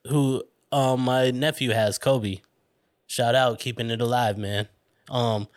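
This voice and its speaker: A man's voice: mid-range voice, measured pace, a bit bright, dry recording, studio quality. A man hosting a podcast in casual chat, rambling and self-conscious, laughing and swearing. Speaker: podcast host.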